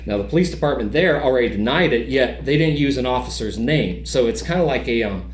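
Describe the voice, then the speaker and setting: A man's voice: medium pitch, lively intonation, brisk, reverberant. A man talking as a podcast guest in casual conversation, heated, emphatic and profane.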